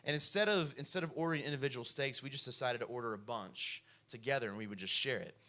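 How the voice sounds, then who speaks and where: A man's voice: mid-range voice, fast talker, sharp tone. A young man preaching a sermon, telling a story in a casual way full of "like" before building to impassioned preaching. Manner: casual, peppered with "like". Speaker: pastor.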